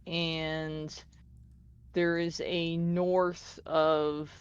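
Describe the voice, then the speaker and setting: A man's voice: fairly high pitch, level tone, extremely slow, dull audio, a crowd in the background. A man playing a tabletop game, talking in a rambling way with many fillers. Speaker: player. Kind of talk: casual chat in a tabletop game.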